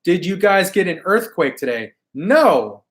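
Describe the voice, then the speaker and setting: A man hosts a toy collecting live stream, his voice going hoarse as he loses it, chatting with viewers in a laid-back, slangy way and laughing easily between comments. His pitch sits a little higher than most men's. He speaks in a sing-song at a measured pace.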